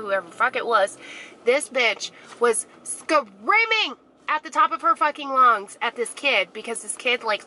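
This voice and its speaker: A woman's voice: fairly high pitch, slight background noise, poor audio. A woman vlogging casually from her car and stores, telling a gossipy story with lots of swearing. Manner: profane, gossipy, animated storytelling. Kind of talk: casual chatty vlog. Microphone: handheld camera mic.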